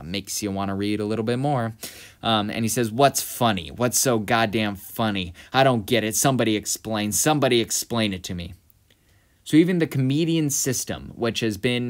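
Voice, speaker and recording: Lowish-voiced man thinking aloud. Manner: thinks aloud with many fillers, addresses viewers as guys. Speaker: literature analyst. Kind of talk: close-reading lesson.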